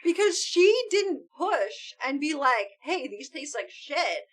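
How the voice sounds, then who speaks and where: A woman's voice: sits high, takes it slowly, slight background noise. A woman co-hosting a live stream, chatting casually, reading a story update aloud and acting out quoted lines. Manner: animated, acts out quoted lines, calls herself snappy. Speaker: streamer co-host. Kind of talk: casual chat reacting to and reading stories.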